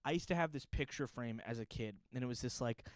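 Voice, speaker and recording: A young man talking casually to his viewers in a chatty, joking manner, with quick asides. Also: mid-range voice, no room sound. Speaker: youtuber. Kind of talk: casual vlog explainer.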